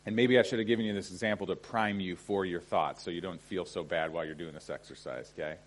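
A man's voice: low voice, fairly even intonation, fast talker. A middle-aged man preaching a sermon in a conversational way, often checking in with his listeners. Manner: conversational, often asks "okay?". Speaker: pastor.

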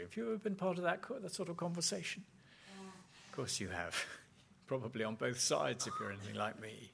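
Bright-voiced male preacher. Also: medium pitch, animated, vocal fry, slight background noise. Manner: emphatic, slows down for key words, acts out quoted dialogue. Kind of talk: sermon.

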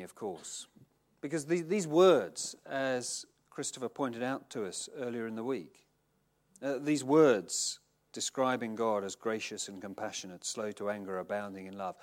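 A middle-aged man preaching a sermon in a conversational, self-mocking, animated way. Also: mid-range voice. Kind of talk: sermon with Bible reading.

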